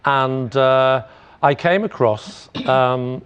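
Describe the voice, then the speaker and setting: A man's voice: mid-range voice, extremely slow, a bit bright, clear, resonant tone. A man on a comedy panel show telling a rambling, playful story in a teasing way. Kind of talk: comic storytelling. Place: TV studio with a live audience. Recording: studio audience laughter, slightly dull.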